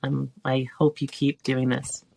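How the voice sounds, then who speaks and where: Gravelly-voiced woman speaking from the heart. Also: very deep voice, completely flat delivery, unhurried, mellow. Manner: heartfelt, searching, with restarts. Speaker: guest teacher and filmmaker. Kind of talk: reflective podcast interview.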